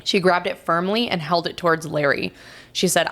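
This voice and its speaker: A woman's voice: on the low side, normal speed, fairly bright tone. Wry woman recounting a true crime story. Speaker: podcast co-host narrating the case. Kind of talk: casual true crime chat.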